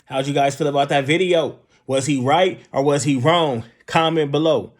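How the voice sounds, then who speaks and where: Reaction channel host, man, slightly high pitch, slow and incredulous. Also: slight background noise. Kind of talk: introducing and reacting to clips.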